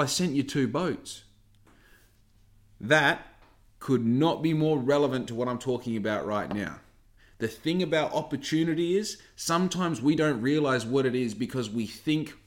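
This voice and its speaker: Sweary podcaster rambling. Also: male voice, mid-range voice. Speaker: podcast host. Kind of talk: casual monologue.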